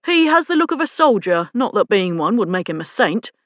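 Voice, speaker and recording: A woman voicing a dour, protective male landlord in an audiobook, pitching her voice higher. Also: a little fast, no echo, natural voice. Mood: gruff.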